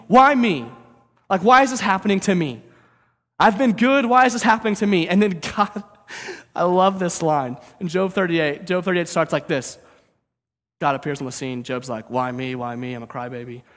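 Energetic man preaching a sermon. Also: high voice, long reverb tail. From St. Louis, USA. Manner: energetic, conversational, keeps asking "right?".

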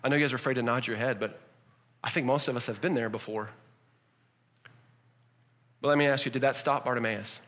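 A man preaching a sermon, swinging between hushed, intimate lines and rising, emphatic passages. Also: medium pitch, fairly quick, pauses often. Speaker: pastor. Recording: long hall reverb.

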